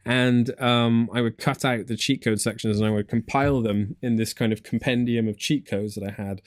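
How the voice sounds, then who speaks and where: A man's voice: mid-range voice, steady tone, normal speed, dry recording. Rambling English man, dry close sound. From England. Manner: rambling, lots of "like" and restarts. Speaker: podcast host. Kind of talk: casual chat.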